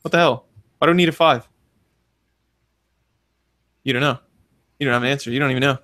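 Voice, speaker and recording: A man in his thirties co-hosting a casual podcast, animated and telling stories with acted-out quotes. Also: mid-range voice, a little fast, no echo, clean studio sound. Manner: animated storyteller, acts out quotes in big voices. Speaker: podcast co-host. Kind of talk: casual chat.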